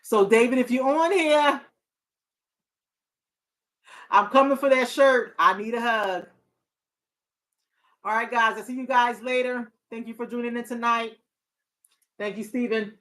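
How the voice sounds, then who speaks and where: A woman's voice: fairly high pitch, moderate pace, pauses often, a bit bright. A woman hosting a talk show as a therapist, speaking earnestly in a casual, heartfelt way. She often restarts her sentences and breaks into laughter.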